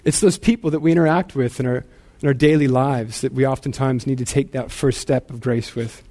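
A man's voice: medium pitch, fairly even intonation, a little fast, dark tone. Self-deprecating casual preaching man. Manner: casual storytelling, self-deprecating, repeats words often. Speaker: pastor. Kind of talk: sermon.

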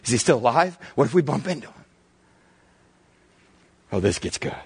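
A man preaching a sermon as pastor, telling a Bible story with animated voices and sudden hushed low asides. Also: moderate pace, slightly rough.

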